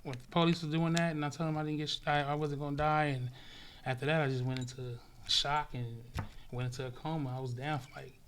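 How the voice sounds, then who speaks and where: On a podcast, a male guest tells a vivid, profane story in casual conversation, acting out sounds and lurching between loud bursts and hushed murmurs. He speaks fast in a flat, somewhat high voice, with slight noise in the background.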